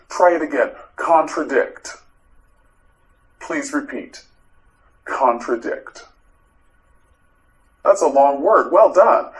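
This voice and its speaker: A man's voice: on the high side, poor audio. A man teaching English vocabulary, saying each word several times and asking the learner to repeat it. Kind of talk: slow drilled pronunciation lesson.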